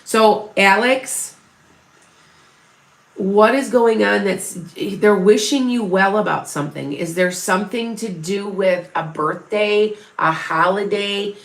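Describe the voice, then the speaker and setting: A woman's voice: mid-range voice, vocal fry. A middle-aged woman giving psychic readings to viewers, in a chatty, rambling way with many restarts and self-corrections. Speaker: psychic medium. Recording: roomy echo.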